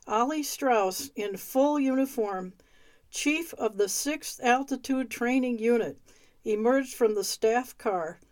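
A woman reading a memoir aloud, unhurried and clear. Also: fairly high pitch, darkish tone, dry recording. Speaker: reader of memoirs.

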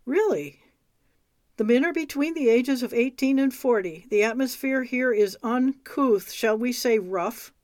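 A woman's voice: fairly high pitch, animated, unhurried, a little mellow, dry recording, studio quality. A woman reading aloud as a flustered, stiffly formal middle-aged man who runs a school.

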